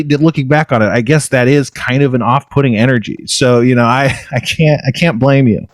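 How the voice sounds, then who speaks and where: A man's voice: medium pitch, normal speed, few pauses, no echo, clean studio sound. A man co-hosting a podcast over a video call, rambling and self-deprecating in casual chat. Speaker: podcast co-host.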